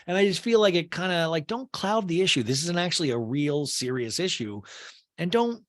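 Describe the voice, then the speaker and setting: Sarcastic, animated man recapping a show. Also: a little high, a little fast, no room sound. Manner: sarcastic, animated, laughs often. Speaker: podcast host. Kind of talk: comedic episode recap.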